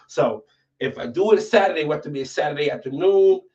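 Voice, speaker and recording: A man hosting a casual livestream chat, slangy and profane, swinging from mumbles to shouts. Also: fairly high pitch, expressive, fast, far from the mic, lo-fi sound. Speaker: livestream host.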